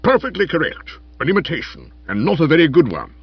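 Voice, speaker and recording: A man's voice: on the high side, wildly swooping pitch, fast, gravelly, slightly rough, pitched above the performer's own voice, heavily acted. A man voicing an authoritative, pompous nobleman who speaks curtly and firmly, in a dull-sounding recording. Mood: overbearing. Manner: authoritative and curt. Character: overbearing, pompous aristocrat man.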